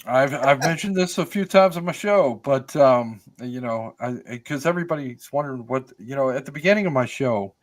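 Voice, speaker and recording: An older American man chats as a guest on a podcast in an easy, meandering way. His voice sits at a middle pitch, and he often stops and restarts mid-thought, filling the pauses with ums and uhs. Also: animated. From United States. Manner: rambling, many fillers and restarts. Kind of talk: casual conversational storytelling.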